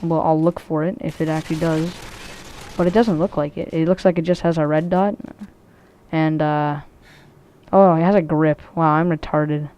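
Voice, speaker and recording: Low-voiced woman doing game commentary, dark mellow tone, lots of ums and cussing. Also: steady tone, normal speed, a little hiss or hum. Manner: rambling, profane, many fillers and restarts. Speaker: gameplay commentator.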